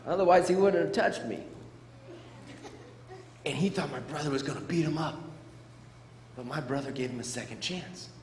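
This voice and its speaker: A middle-aged man giving a playful, animated storytelling speech to students as a motivational speaker, in a large school hall. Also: fairly high pitch, moderate pace, pauses often. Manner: animated, playful, acts out sound effects. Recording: echoey hall with faint room noise.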